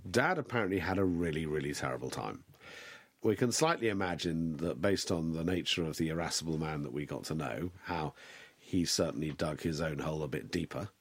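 Deep-voiced man, dry and wry. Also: expressive, brisk, husky, dry recording. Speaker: interview guest. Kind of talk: reflective interview talk.

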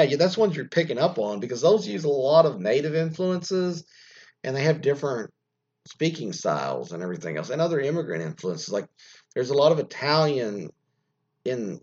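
A man's voice: medium pitch, a little mellow, husky. A man hosting a radio show, rambling offhandedly through an article and sometimes swearing. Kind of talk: casual commentary on an article. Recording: dull lo-fi recording.

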